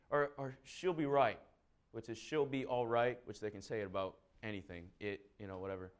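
Male preacher, conversational and animated, jokes through his sermon. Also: fairly low pitch, a little fast, clean tone. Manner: chatty, humorous, animated. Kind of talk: sermon with storytelling.

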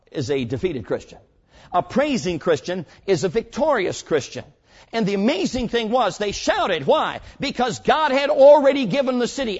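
A man preaching a sermon in an animated way, swinging from loud shouted lines to soft quiet asides. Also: high-pitched. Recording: dull lo-fi sermon recording.

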